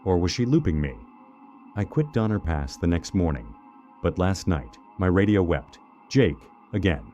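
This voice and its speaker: Deep, dark-voiced man narrating horror. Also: lively intonation, moderate pace, dull audio, soft background music. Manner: dramatic first-person storytelling.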